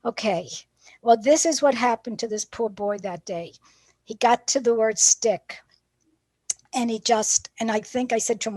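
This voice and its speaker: Animated woman teacher trainer, fairly high voice. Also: measured pace, no echo. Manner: lively storyteller who acts out classroom dialogue. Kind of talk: professional development talk with classroom anecdotes.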